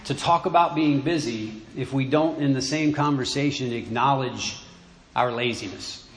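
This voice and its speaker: A man preaching a sermon in church, halting and repeating words as he goes. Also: mid-range voice, a little hiss or hum. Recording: echoey room.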